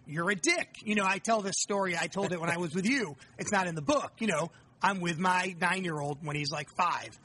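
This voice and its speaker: A man's voice: high voice, a little fast, pushed and bright. A man in his forties, a guest author, telling candid stories about fatherhood in casual conversation, with frequent swearing. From United States.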